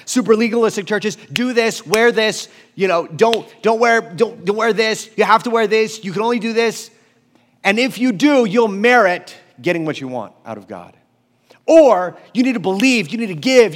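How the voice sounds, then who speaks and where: A man preaching a sermon as pastor, emphatic and conversational, swinging from loud urgency to quiet low stretches. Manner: conversational, self-deprecating asides.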